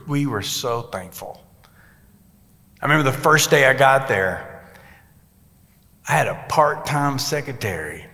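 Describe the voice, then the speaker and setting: Animated preacher in a hall. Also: male voice, mid-range voice. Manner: animated storyteller, voices quoted people. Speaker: pastor. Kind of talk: sermon storytelling. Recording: long hall reverb.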